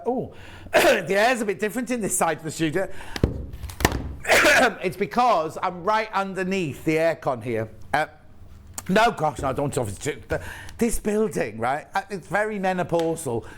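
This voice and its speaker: A man's voice: sits high, lively intonation, moderate pace, fairly bright tone. A man presenting on a live TV shopping channel in a TV studio, chatting and rambling with jokey asides while he sells. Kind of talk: live TV sales chat.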